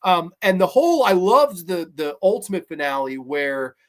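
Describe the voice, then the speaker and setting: Chatty man reviewing old horror, slightly high. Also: moderate pace. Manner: animated and chatty, many restarts, asks "right?"; blunt, swears casually. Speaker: podcast host reviewing horror episodes. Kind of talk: casual spoken review.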